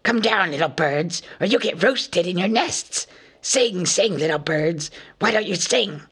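A man voicing a mob of cruel, taunting male goblins in a shrill, mocking voice for an audiobook. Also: animated, unhurried, a bit bright, slightly rough, full character voice. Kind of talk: audiobook character voice.

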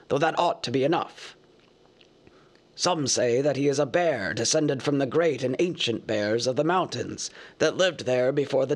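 Testy old male wizard, lecturing, slightly raised pitch, as a male narrator puts him on. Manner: measured, lecturing, easily cross.

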